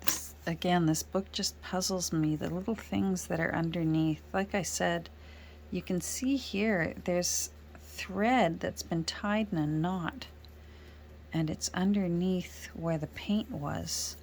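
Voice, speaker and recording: Slow, soft-spoken woman crafter. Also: on the low side, a little hiss or hum. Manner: chatty, rambling, soft-spoken with frequent fillers. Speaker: junk journal crafter. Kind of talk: casual chat while crafting. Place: home craft studio.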